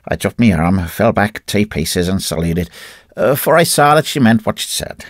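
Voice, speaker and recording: A man's voice: lowish voice, expressive, normal speed, dry recording, clean studio sound. A man narrating a classic short story as an audiobook, telling it expressively in the first person.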